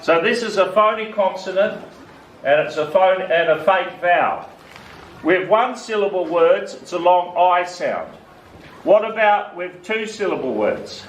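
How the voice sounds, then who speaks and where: A man's voice: sits high, lively intonation, measured pace. A man teaching phonics to a student, patiently explaining vowel sounds and asking questions. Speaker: reading teacher. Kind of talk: classroom phonics lesson. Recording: echoey room, from a distance, faint hiss.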